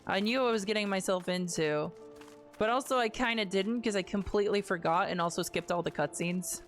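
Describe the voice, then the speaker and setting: A woman's voice: medium pitch, brisk, faint music behind. Playful woman streamer, casual swearing. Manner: playful, reads game dialogue aloud and jokes; swears casually and laughs often. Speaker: game streamer. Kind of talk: casual live gameplay commentary.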